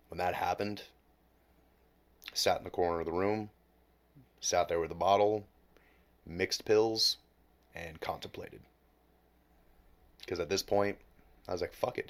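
Deep-voiced man telling a raw story. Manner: emotional, heavy swearing, drops to near whisper at low points. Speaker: podcast guest. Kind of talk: candid conversational storytelling.

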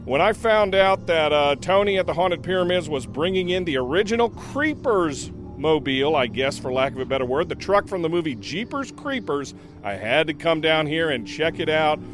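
Host: upbeat man on location, a touch high-pitched, music under him. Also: expressive, moderate pace, hardly any pauses. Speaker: show host. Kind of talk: on-location interview and show sign-off. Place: outdoors on the road at a haunted attraction.

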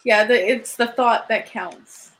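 A woman's voice: on the high side, fairly even intonation, takes it slowly, a bit bright, poor audio. Chatty, laughing young woman storyteller. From Canada. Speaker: podcast co-host. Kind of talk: casual chat.

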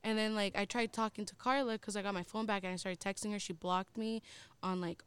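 A young woman co-hosts a casual podcast chat. Her voice is smooth and clear, at a middle pitch, and she talks in a loose, rambling way, with plenty of "like" and casual swearing. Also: steady tone, fairly quick, dry recording. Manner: rambling storytelling full of "like" and swearing. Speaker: podcast co-host.

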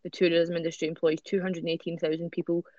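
A man's voice: on the high side, completely flat delivery, quick pace, darkish tone, no echo, lo-fi sound. A Scottish man co-hosting a casual podcast, reading news stories aloud and ranting with swearing. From Scotland. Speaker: podcast co-host.

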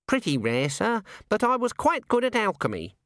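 A man's voice: high-pitched, wildly swooping pitch, normal speed, fairly bright tone, no echo, studio quality, pitched above the performer's own voice, heavily acted. A man voicing a nervous, earnest young dwarf alchemist who keeps politely adding sir, in an audiobook reading. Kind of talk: audiobook character voice.

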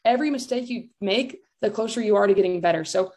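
A woman's voice: mid-range voice, fast talker, dark tone. A young adult woman co-hosts a chatty podcast. She talks in an upbeat, encouraging way and exclaims often. Her voice sits in a middle register. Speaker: podcast co-host. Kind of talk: casual podcast chat.

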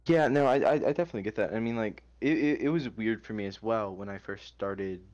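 Relaxed young male guest, low-pitched, rambling, muffled lo-fi mic. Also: fast. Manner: laid-back, rambling, many "like"s and restarts. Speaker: interview guest, poet. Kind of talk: casual chat. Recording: dull lo-fi sound.

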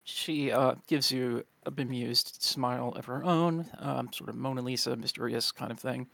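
A man narrating as game master of a tabletop game, relaxed and full of pauses. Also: medium pitch, vocal fry, no echo.

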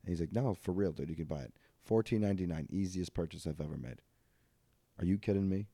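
A man's voice: low-pitched, quick pace, vocal fry, dark tone, no echo. A young man in his twenties hosting a comedy podcast, rambling casually with lots of fillers and self-deprecating jokes. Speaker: podcast host.

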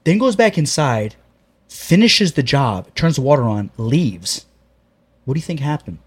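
A man's voice: medium pitch, big pitch swings, measured pace, slightly rough. A man guest on a podcast, chatting casually and telling rambling stories full of filler words. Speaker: guest, plumbing contractor.

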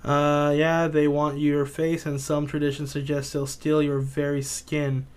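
A man's voice: fairly high pitch, monotone, a little slow, darkish tone, clear, resonant tone. A man casually retelling a spooky story, rambling with lots of filler words and swearing. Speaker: podcast co-host.

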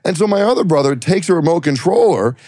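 A young adult man co-hosting a podcast, telling stories in a casual, animated and profane way. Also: fairly high pitch, fast, no echo, studio quality. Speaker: podcast co-host. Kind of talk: casual chat.

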